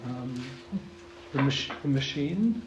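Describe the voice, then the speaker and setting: A man giving a dharma talk as a Zen teacher, hesitant with many pauses and ums, gently humorous. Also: medium pitch, lively intonation, highs cut off, noisy background. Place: retreat meditation hall. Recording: roomy hall with faint ambience.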